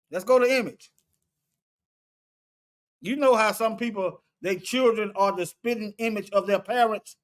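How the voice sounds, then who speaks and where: A man's voice: very high voice, a bit bright. A man giving an informal Bible study, thinking aloud in colloquial speech and often repeating himself as he looks up words. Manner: colloquial, repeats and restarts phrases while reading from a lexicon.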